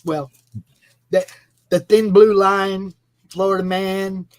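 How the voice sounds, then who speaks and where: A man hosts a casual chat with plenty of enthusiasm. He rambles, restarts sentences and fills gaps with ums. His voice sits a little higher than most men's. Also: fairly even intonation, slow, low-quality recording. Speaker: host. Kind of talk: casual chat about comic books.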